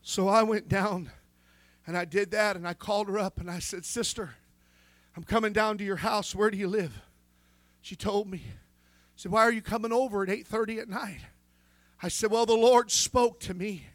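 A man's voice: high voice, fairly even intonation, moderate pace, no echo. A man preaching a sermon with fervor, breaking in with calls of amen and restarting his sentences as he tells a story. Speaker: pastor.

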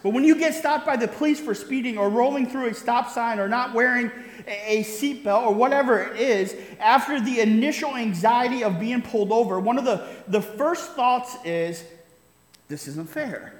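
A man's voice: very high-pitched, normal speed. A man preaching a sermon, telling a story with frequent "right?" asides and chuckles. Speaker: pastor. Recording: roomy hall reverb.

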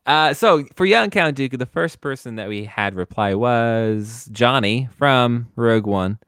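A man hosting a casual podcast, relaxed as he steers the talk through listener picks. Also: medium pitch, unhurried, clear, resonant tone, no room sound, studio quality. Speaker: podcast host. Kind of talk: casual fan discussion.

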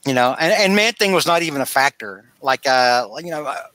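A man hosting a casual podcast chat, recapping a story in an animated way and acting out the characters' lines. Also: medium pitch, brisk, no echo. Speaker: podcast co-host recapping a comic.

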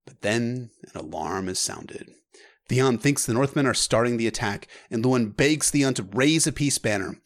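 Male narrator, casual recap read, mid-range voice, a few stumbles. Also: mid-range voice. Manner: relaxed, with stammered restarts.

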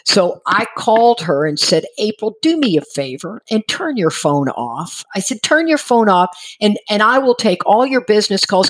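A middle-aged woman telling a personal recovery story, animated and acting out the people she quotes. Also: fairly low pitch. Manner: animated, acts out quoted voices, frequent restarts. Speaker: speaker sharing a recovery story.

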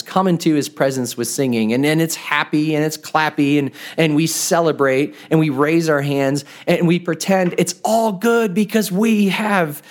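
A man hosting a reflective podcast, speaking earnestly and often stumbling on the first word of a phrase. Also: fairly high pitch. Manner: earnest, stammers on starts of phrases. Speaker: podcast host. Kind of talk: reflective spoken podcast talk.

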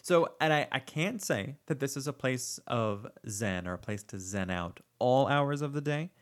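Man, podcast host, casual rambling talk, average pitch, lots of fillers. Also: expressive, moderate pace. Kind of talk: casual chat.

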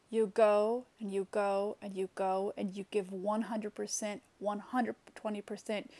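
A woman's voice: medium pitch, little pitch movement, unhurried, a little mellow. A woman telling a personal story straight to camera, candid and reflective, with frequent fillers and restarts. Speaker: vlogger.

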